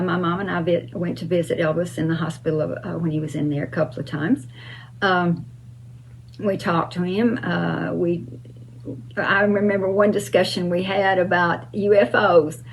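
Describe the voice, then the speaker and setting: A woman's voice: lowish voice, fairly even intonation, moderate pace, creaky, slight background noise, poor audio. An older woman hosting her own channel, answering fan questions in an emphatic, casual way with frequent uh and um.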